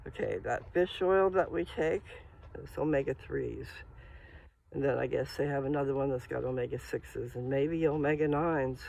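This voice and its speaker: A man's voice: medium pitch, moderate pace, vocal fry, a little mellow, poor audio. A man vlogging casually at home, talking in a scattered, rambling way straight to his viewers as he walks between rooms. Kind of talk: casual rambling vlog talk.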